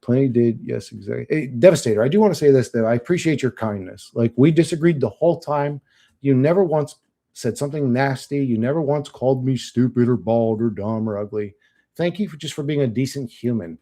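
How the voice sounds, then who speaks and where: A man's voice: medium pitch, fairly quick, mellow. A young man streaming live, chatting casually and bluntly, cursing often and laughing at chat.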